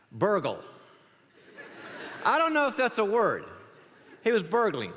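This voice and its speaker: A man's voice: high-pitched, fairly bright tone. A man giving a humorous church talk as a guest speaker, telling a joke story to the congregation. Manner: joking storyteller. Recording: reverberant church hall.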